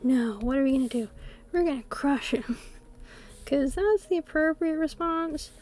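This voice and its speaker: High, unhurried woman streamer. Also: darkish tone. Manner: playful, rambling, hums to herself. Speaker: art streamer. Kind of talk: casual chat while drawing on stream. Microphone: desktop USB microphone.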